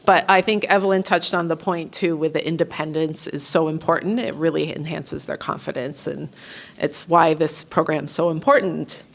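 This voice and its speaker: Woman, lowish pitch, upbeat presenter, ceremony speech. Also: moderate pace, creaky. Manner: warm, upbeat, reads out a client's letter. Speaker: staff member presenting clients. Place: ceremony on a campus.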